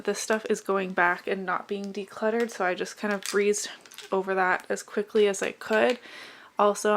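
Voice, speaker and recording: A woman's voice: mid-range voice, vocal fry. A young woman vlogger chatting casually as she goes through her makeup, rambling and friendly. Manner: chatty, rambling product commentary. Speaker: beauty vlogger. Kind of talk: casual makeup declutter chat.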